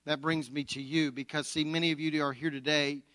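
A man preaching an Easter sermon, telling a story and swinging from loud to hushed. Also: a little high, flat delivery, brisk, no echo. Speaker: pastor.

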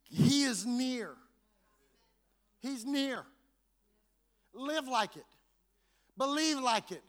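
A man's voice: high-pitched, normal speed, long pauses, fairly bright tone. A man preaching a sermon to his congregation, building fervor through repetition. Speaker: pastor.

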